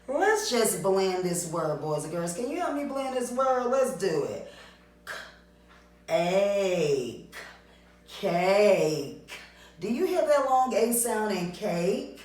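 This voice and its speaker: A woman's voice: lowish voice, heavy reverb, recorded from a distance. A woman teacher giving a recorded reading lesson to young children, with sing-song praise and call-and-response prompts.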